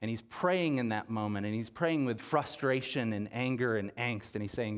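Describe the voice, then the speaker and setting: Guy pastor giving a sermon, earnest, mid pitch, trips over words and repeats them a bit. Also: normal speed. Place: church sanctuary.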